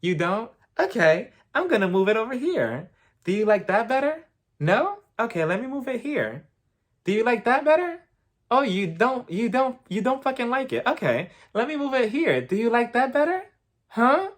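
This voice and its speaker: A man's voice: very high-pitched, sing-song, moderate pace, pitched above the performer's own voice, exaggerated voice. A man playing an exasperated woman event helper, speaking in a sing-song, mock-patient way over and over. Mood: fake-patient. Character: exasperated woman helper, fake-polite, fed up.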